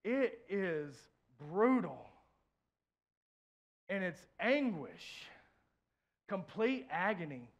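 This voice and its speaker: A pastor preaching a heartfelt sermon in church, sharing a personal story, repeating phrases and swinging from soft to loud. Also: male voice, sits high, big pitch swings, drawn-out words, pauses often, dull audio. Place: church, before a congregation.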